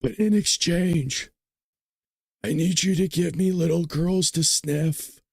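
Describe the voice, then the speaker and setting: A man putting on the voice of a mumbling elderly president, breathy and whispery, calling for his son. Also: on the high side, fairly even intonation, slow, no room sound, studio quality, heavily acted. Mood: creepy mumbling.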